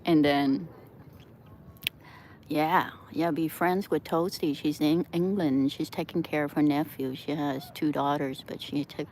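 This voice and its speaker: A woman's voice: low voice, fairly even intonation, slow, darkish tone, slight background noise. A woman live-streaming from an outdoor seaside plaza, chatting in a rambling way, laughing often and breaking into sudden outbursts.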